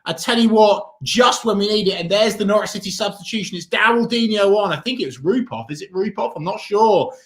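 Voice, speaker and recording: A man co-hosting a football watchalong, boisterous and chatty, shouting and singing when his team scores. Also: high-pitched, brisk, hardly any pauses. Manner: boisterous, shouts and sings at goals. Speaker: fan watchalong co-host. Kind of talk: excited football watchalong chat.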